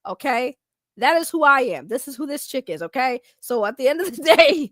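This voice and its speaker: A young woman talks loudly and excitably, laughing often as she riffs with her stream chat. Her voice sits high and is captured close and dry, with no room around it. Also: brisk, no echo. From Boston, Massachusetts. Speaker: streamer reacting to videos. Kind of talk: casual reaction stream chat.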